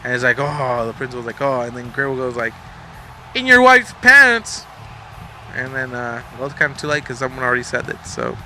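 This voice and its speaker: A man's voice: mid-range voice, level tone, racing, few pauses, bright, forceful tone, faint music behind. A young man casually commentating a wrestling video game, rambling, joking and swearing, a bit sleepy. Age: young adult. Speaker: gameplay commentator.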